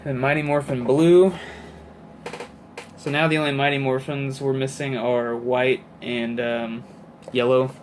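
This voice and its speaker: A man's voice: medium pitch, flat delivery, unhurried, slight background noise. A man of twenty-eight chatting casually about his toy collection, rambling with many fillers and asides. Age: 20s. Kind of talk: casual chat.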